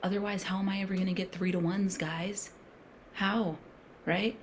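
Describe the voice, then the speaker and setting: A woman's voice: mid-range voice, little pitch movement, moderate pace, slight background noise. A woman day trader chatting casually as she trades, thinking aloud in slangy speech and coaching viewers emphatically, sometimes sinking to a whisper. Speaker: day trader streaming a trading session. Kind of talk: casual talk-along while trading.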